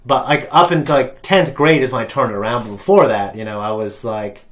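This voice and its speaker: A man's voice: mid-range voice, brisk. A man chats loosely as a show host. His voice sits in an ordinary middle register, and he rambles through anecdotes, often breaking into laughter and filler words. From Ohio. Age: adult parent. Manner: animated, laughing, storytelling with lots of fillers. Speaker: reaction channel host. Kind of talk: casual chat.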